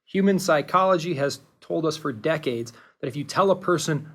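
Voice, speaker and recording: A man's voice: fairly high pitch, animated, moderate pace, a bit bright. A man hosting a podcast, explaining nutrition research in an earnest way and repeating key points for emphasis. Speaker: podcast host. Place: Seattle studio.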